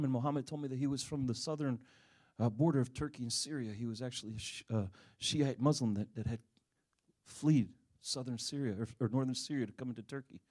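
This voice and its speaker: A middle-aged man preaching a sermon, animated, swinging between loud bursts and hushed stretches as he acts out the people in his stories. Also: mid-range voice, fairly quick. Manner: animated, dramatic swings in volume, acts out quoted voices.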